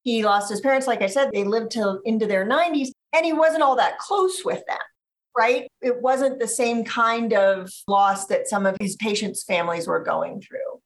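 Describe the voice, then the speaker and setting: Reflective woman author in interview. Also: on the high side. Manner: measured, thoughtful, speaks slowly at times.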